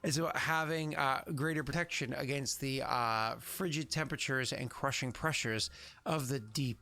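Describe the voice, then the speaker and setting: A man's voice: mid-range voice, fairly even intonation, normal speed, pushed and bright. A man acting as game master on a streamed tabletop game, rambling and playful with many fillers.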